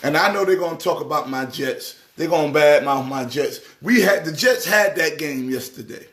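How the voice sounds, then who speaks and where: Man, middle-aged, from new york, high-pitched voice, casual live-stream sports chat, teasing, preacher-like calls. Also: moderate pace. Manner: animated, teasing, preacher-like exhortation. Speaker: church organist hosting a live stream.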